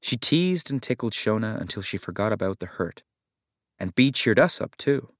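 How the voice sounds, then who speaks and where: Low, dry-voiced male reader for a reflective short story, measured delivery. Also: big pitch swings, no room sound. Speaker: story narrator. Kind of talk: audiobook narration of a short story.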